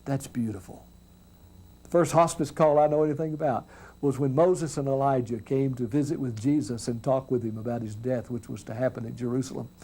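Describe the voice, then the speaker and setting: A man who works as a minister gives an earnest, reflective talk built on stories. His voice is mellow and dark, at an ordinary middle pitch, and he often lets his lines sink soft and quiet. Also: fairly even intonation, fairly quick, husky. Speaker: minister speaking on hospice and grief. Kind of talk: storytelling talk.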